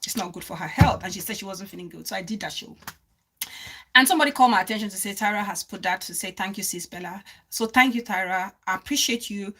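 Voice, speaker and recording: A woman's voice: medium pitch, fast, pushed and bright, breathy edge. A woman hosting a live stream, speaking earnestly to her viewers and repeating phrases for emphasis. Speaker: livestream host.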